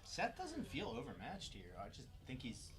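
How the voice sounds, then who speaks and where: Male darts colour commentator, joking and animated. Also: mid-range voice, crowd noise. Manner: joking, quick with banter. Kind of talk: live sports commentary.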